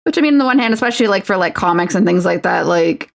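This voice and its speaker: A woman's voice: mid-range voice, lively intonation, quick pace, vocal fry. A woman streamer chatting casually with her viewers while she paints a miniature. She rambles and fills her talk with "like" as she answers chat messages. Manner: rambling, filler-heavy "like" speech.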